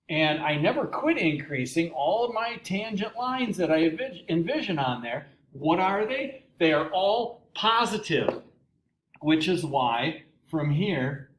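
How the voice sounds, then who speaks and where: Animated male math teacher, slightly higher voice, echoey room with faint noise. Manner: animated, asks questions and answers them, playful asides. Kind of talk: recorded classroom lecture.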